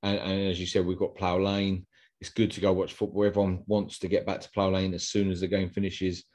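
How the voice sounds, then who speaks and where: Low-voiced man chatting football. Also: little pitch movement, fairly quick, a little mellow. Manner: chatty, rambling, repeats himself. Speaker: podcast host. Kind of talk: casual chat.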